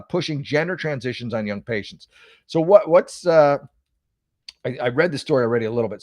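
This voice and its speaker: A man's voice: medium pitch, no room sound, clean studio sound. A man hosting a solo talk show, ranting in a mocking, sarcastic way with frequent restarts and stammers. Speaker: host. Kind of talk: solo political talk show, casual rant.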